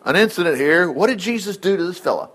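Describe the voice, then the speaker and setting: A man's voice: high-pitched, expressive, fast, a bit bright. A man preaching a sermon in a folksy, exclamatory way.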